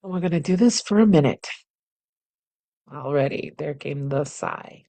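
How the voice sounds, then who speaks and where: The voice here is low-pitched and dark, with vocal fry, at a moderate pace. It belongs to a woman who teaches singing and hosts a show, guiding viewers through somatic exercises from a chair in her home studio. She laughs often, stays playful, and uses vocal sounds to demonstrate.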